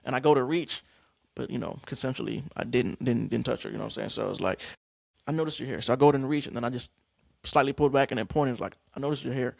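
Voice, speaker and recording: A young man hosting a podcast, casually telling stories about acting class, slangy and animated. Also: mid-range voice, quick pace, vocal fry, dry recording, studio quality. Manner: animated, acts out scene lines, slangy. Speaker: podcast host.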